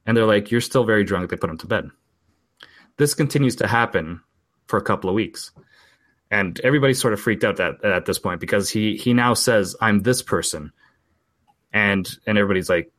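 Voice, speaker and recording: Low-voiced man from Portugal telling a story. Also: normal speed, fairly bright tone, no echo. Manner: rambling, with frequent restarts and quoted voices. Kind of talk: casual storytelling.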